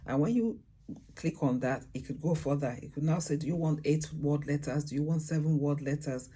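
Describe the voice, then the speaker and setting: A man with a husky, slightly breathy voice talks beginners through poetry rhymes. His tone is dark and mellow, and he is unhurried, stopping to hunt for words and spelling letters out one by one. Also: on the high side. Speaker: poetry tutor. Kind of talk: casual beginner tutorial.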